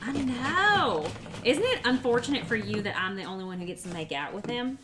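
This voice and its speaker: A woman's voice: fairly high pitch, animated, normal speed, noisy background. A woman hosting a casual cooking livestream, chatting and teasing her viewers as she reads their messages. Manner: chatty, talks to chat, teasing. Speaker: livestream host. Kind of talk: casual cooking stream chat.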